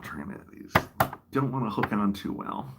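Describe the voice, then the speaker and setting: A man's voice: on the low side, animated, normal speed, heavy background noise. A man hosting a livestream, chatting casually while he builds a model, rambling and poking fun at himself. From American Midwest. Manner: rambling, self-deprecating. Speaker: livestream host.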